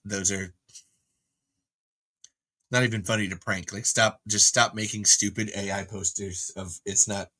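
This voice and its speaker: A man hosting a casual livestream, rambling excitably and often trailing off and restarting. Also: lowish voice. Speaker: host. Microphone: camera mic on a livestream.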